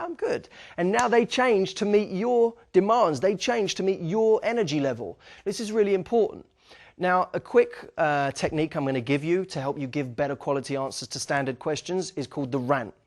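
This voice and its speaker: A young man gives a lively dating lesson, his voice sitting a little high for a man. He keeps checking in with "okay?" and acts out short bits of sample conversation as he goes. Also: fairly quick. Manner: energetic, acts out sample dialogue, frequent "okay?" check-ins. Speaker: dating coach. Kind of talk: instructional talk to camera.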